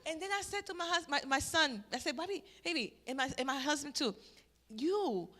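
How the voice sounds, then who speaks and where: A middle-aged woman giving a personal testimony at a church family event. She swings between loud exclamations and near-whispers. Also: sits high, expressive, a little fast. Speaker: church family-life speaker.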